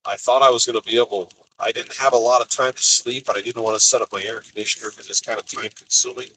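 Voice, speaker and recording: A fast-talking man with a mid-range, fairly bright voice and fairly even intonation tells an exasperated story about his bad morning while driving his cargo van on the highway. He's an expedite van driver doing a casual vlog monologue, acting out quotes. The recording is low quality, with a little hiss or hum.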